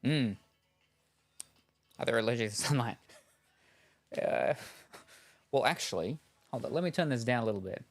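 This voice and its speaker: A man's voice: medium pitch, animated, moderate pace, long pauses, faint music behind. A man chatting casually on a live stream while unboxing, rambling and chuckling between remarks, on a headset.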